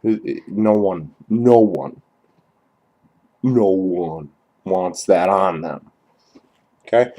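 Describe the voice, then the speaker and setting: A young man performing a dry, halting comedy monologue in character, crude and profane, recorded on a cheap webcam. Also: sits low, warm tone, rough recording. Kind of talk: deadpan rambling character monologue.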